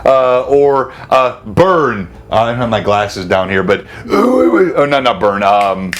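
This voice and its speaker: A man's voice: mid-range voice, sing-song, takes it slowly. A man hosting a live stream as a game master, chatting casually, interrupting himself and laughing often. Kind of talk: casual livestream chat.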